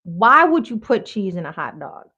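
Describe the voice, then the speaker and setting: A woman's voice: medium pitch, sing-song, moderate pace, pushed and bright, breathy edge. A woman from Wisconsin telling a story in a casual, chatty, blunt way as a vlogger. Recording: dull lo-fi audio.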